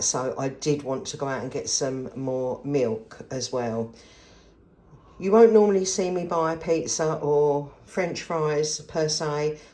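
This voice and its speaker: A woman's voice: low-pitched, warm tone, roomy sound. An older woman from England chatting casually to camera in her kitchen, rambling cheerfully through her shopping. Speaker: frugal living vlogger.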